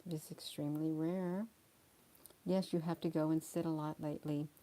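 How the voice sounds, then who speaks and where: A middle-aged woman chatting slowly and soothingly with livestream viewers, calling them honey. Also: sits low, level tone, warm tone. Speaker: livestream host reading viewer comments. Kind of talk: slow casual chat to live viewers.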